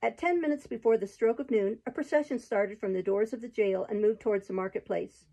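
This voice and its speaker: Gravelly woman reading a story aloud. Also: on the high side, fairly quick, dark tone, low-quality recording. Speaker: storybook reader. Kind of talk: reading a chapter book aloud.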